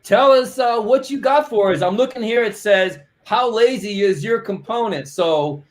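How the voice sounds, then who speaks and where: High-pitched man, excitable conference host, rambling with fillers. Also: moderate pace, a little hiss or hum. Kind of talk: casual live-stream hosting.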